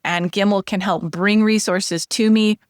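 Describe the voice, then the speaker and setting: A woman hosting a podcast lesson, sharing a personal testimony in an earnest, animated way. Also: medium pitch, measured pace, clear, resonant tone, dry recording, studio quality. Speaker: podcast host teaching Hebrew letters.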